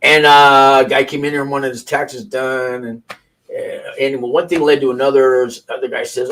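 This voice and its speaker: A man's voice: mid-range voice, fairly even intonation, normal speed, rough recording. A man hosting a call-in show, talking off the cuff in a rambling, profane way with lots of restarts. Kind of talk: casual unscripted commentary.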